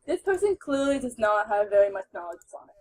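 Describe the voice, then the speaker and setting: Fast-talking high-voiced American woman. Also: sing-song, darkish tone. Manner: quick, quizzical, laughs often. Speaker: podcast co-host. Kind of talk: casual chat.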